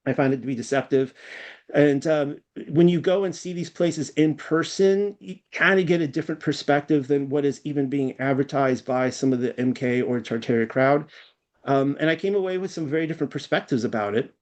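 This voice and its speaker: A man's voice: a little high, a little fast, a little mellow. A man with a Californian accent, a guest in a casual online chat, rambling with fillers and restarts. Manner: rambling, self-deprecating, many fillers and restarts. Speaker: podcast guest.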